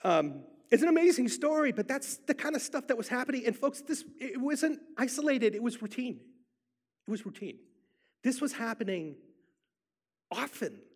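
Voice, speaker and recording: Male preacher, high-pitched and animated, emphatic storytelling sermon. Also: moderate pace, breathy edge. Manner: emphatic storyteller, repeats for effect. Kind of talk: sermon with personal testimony.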